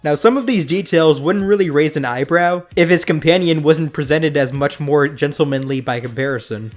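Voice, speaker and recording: A man's voice: a little high, normal speed, soft background music. A young man hosting a sarcastic review of old cartoons. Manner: sarcastic, mocking. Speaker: host.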